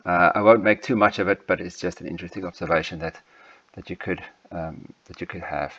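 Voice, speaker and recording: Halting low-voiced man preaching. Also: steady tone, fairly bright tone, breathy edge. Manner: hesitant, many ums and restarts. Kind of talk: sermon text study with slides. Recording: dull lo-fi sound.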